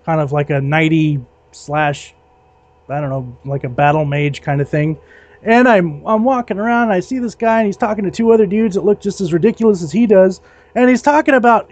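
A man's voice: high voice, brisk, dry recording, highs cut off. A man chatting casually who breaks into a heated, swearing rant. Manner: ranting, heated, heavy swearing. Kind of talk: casual chat.

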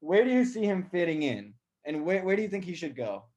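Young male host, slightly high voice, chatty, asks questions and laughs a lot. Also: big pitch swings, a little fast, darkish tone. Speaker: podcast host. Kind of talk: casual sports talk.

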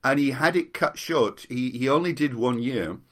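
A man's voice: medium pitch, moderate pace, fairly bright tone. Give me a middle-aged man hosting a podcast, running a light quiz with a self-deprecating humor. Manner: jokey, self-deprecating quizmaster. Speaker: podcast host. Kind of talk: casual interview chat.

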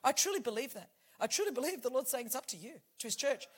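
Woman preacher in her forties, high voice, passionate sermon, hushed then shouting. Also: big pitch swings, fast, breathy edge.

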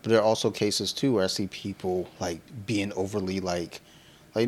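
A man's voice: fairly low pitch, lively intonation, a little fast. Casual, cussing man telling stories. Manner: loose, profane storytelling; laughs often while talking. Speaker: podcast co-host. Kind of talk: casual chat.

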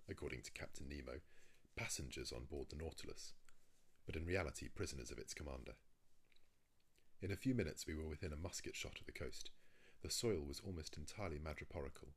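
A man narrating a classic adventure novel in a measured, even reading. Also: extremely low pitch, slightly rough. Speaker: audiobook reader.

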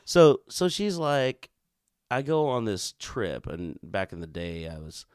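A man's voice: on the low side, big pitch swings, takes it slowly, a little mellow, clean tone, no room sound, clean studio sound. A man in his thirties co-hosting a podcast, telling a rambling, profane story in casual chat. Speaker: podcast co-host.

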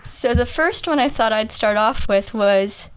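A woman's voice: on the high side, a little slow, clean tone. A young woman co-hosting a comedy podcast, giggly and self-deprecating, chatting casually and trying silly impressions. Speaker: podcast co-host.

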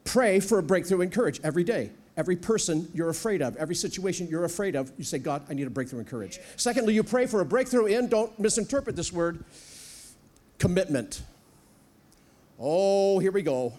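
A high-pitched man preaching to a church congregation as a guest speaker. He is animated and playful, slipping into little acted-out voices to make his points. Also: fairly quick. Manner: animated, acts out voices with humor. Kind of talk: sermon. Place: church sanctuary.

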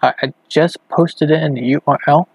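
A man hosting a casual late-night solo podcast, rambling and halting as he thinks aloud while clicking around on his computer. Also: a little high, fairly even intonation, slightly rough, no room sound, low-quality recording. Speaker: podcast host.

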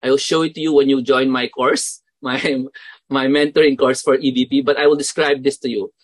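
Filipino man running an animated mentoring talk that keeps checking in with listeners, mid-pitch voice, dry sound. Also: no room sound. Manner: animated, asks listeners questions; code-switches with quick Tagalog asides. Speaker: mentoring course instructor. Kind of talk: casual spoken lesson.

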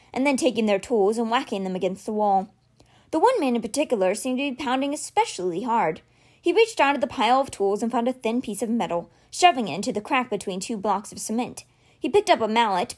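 A woman reading a novel aloud, shifting her voice for the dialogue. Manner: expressive, shifts pitch for dialogue. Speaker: audiobook reader.

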